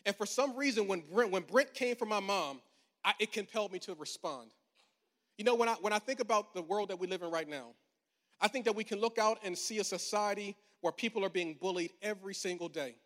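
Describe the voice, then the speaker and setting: A man in his forties preaches to his congregation with a high, bright voice that carries. His manner is conversational and humorous, and it swells into emphatic proclamations. The sound rings with a long reverb from a large church auditorium. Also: fairly quick. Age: 40s. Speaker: pastor. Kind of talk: storytelling sermon.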